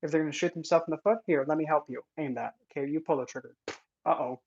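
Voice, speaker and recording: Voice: medium pitch, fast talker, a little mellow, a little hiss or hum. An occult content creator giving casual vlog commentary in an indignant, sarcastic manner. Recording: dull lo-fi recording.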